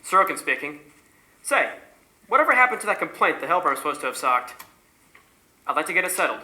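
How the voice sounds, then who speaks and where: A woman's voice: low voice, sing-song, fast, bright, forceful tone, heavily acted. A woman playing a wisecracking factory superintendent. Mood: brisk. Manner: wry, flirtatious. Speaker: stage actor. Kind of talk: amateur stage musical acting. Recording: echoey stage hall.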